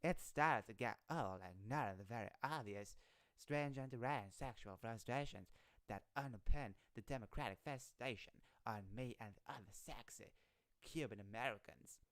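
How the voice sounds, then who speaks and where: A streamer putting on a boastful Southern cowboy politician voice, reading slowly with an exaggerated drawl. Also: medium pitch, no room sound, lightly acted, rough recording. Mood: smug. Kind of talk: comedic impression while reading aloud.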